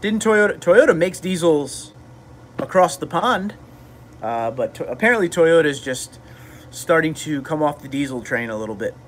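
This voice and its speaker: A man's voice: on the high side, expressive, normal speed, a little hiss or hum. A man hosting a casual livestream, rambling in a laid-back way and answering chat. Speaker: livestream host.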